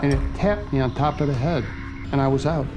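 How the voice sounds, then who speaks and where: An older man telling his own experience in a documentary interview, in a slow, reflective storytelling manner. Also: mid-range voice, fairly even intonation, over music. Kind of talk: documentary testimony.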